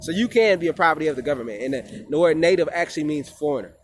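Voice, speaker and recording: A man's voice: fairly high pitch, lively intonation, very fast, slight background noise. A man, a wellness coach, talking to his viewers in an emphatic, preachy way with lots of casual slang. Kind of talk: informal monologue to viewers.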